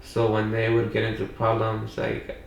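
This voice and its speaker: A fairly low-pitched, creaky male voice speaks in a monotone at normal speed. The young podcast guest, from Pacoima in Los Angeles, tells a meandering casual story with plenty of "you know" and "like." Expect a little hiss or hum, an echoey room, and a distant mic.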